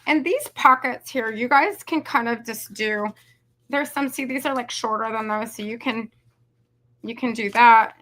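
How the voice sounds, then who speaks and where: A woman close to fifty hosts a live crafting session, chatty and rambling, calling out to viewers. Her voice is bright and forceful and sits a little high. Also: measured pace. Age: 40s. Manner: chatty, rambling, says "y'all" and "you guys". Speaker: craft video host. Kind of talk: casual live craft tutorial chat.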